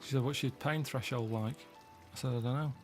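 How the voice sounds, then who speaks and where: A man telling meandering stories in a flat, deadpan way during casual chat. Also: mid-range voice, fairly quick, faint music behind. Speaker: regular on a comedy podcast. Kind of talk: casual chat, rambling anecdotes.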